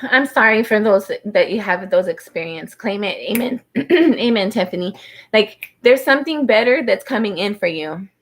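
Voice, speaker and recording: A woman's voice: medium pitch, lively intonation, normal speed. Chatty woman giving a tarot reading. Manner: chatty, heartfelt, fills speech with "like"; addresses viewers by name and star sign. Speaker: tarot reader. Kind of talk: live-streamed tarot reading.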